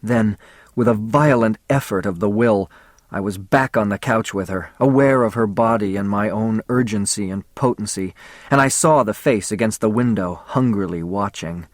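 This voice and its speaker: A man narrating a story in the first person, in a measured, intimate audiobook reading. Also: on the low side, dry recording, studio quality.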